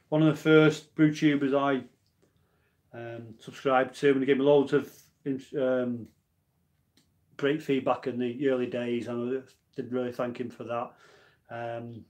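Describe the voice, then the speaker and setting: A man in his forties who runs a homebrew channel rambles through a casual live-stream chat, answering viewer comments as he goes. His mid-range voice has a darkish tone.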